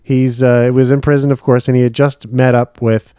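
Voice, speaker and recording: Man, comedy podcast co-host, rambling, hesitant, giggly, medium pitch, dry sound. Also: flat delivery, moderate pace, mellow, smooth, no echo. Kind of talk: casual comedy chat.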